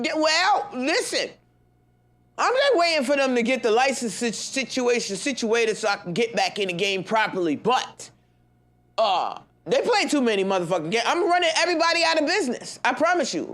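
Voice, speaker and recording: Animated, profane woman podcast host ranting. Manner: profane, heated and animated, swings between loud outbursts and low grumbles; laughs through her words. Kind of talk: ranting monologue.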